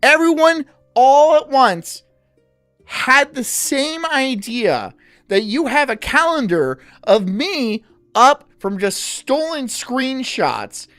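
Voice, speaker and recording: A woman's voice: a little high, very animated, slow pace, fairly bright tone, dry recording, soft background music. A woman hosting a casual reaction stream who teases and jokes crudely. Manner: crude, teasing, giggly. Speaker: streamer host.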